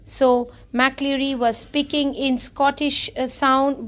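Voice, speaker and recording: High-voiced woman teacher explaining a story. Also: flat delivery, takes it slowly, few pauses, fairly bright tone. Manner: reads a passage, then paraphrases it simply. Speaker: English teacher.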